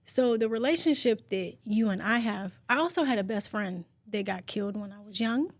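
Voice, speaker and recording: A woman in her forties co-hosting a podcast, talking in a heartfelt, open, expressive way. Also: mid-range voice, moderate pace, dry recording. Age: 40s. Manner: heartfelt and expressive, talks openly and at length. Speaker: podcast co-host. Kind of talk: casual podcast chat.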